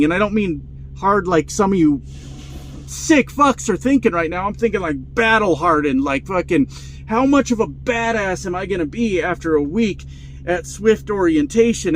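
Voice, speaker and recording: A man of about forty, a truck driver vlogger, telling a story in casual, profane, animated style. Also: sits high, a little hiss or hum.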